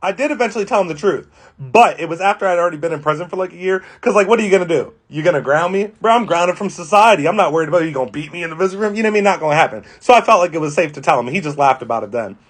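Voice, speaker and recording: A man's voice: fairly high pitch, expressive, rapid-fire. A man in his twenties tells a personal story to camera in a laid-back, slangy way, swearing often. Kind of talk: casual storytime monologue.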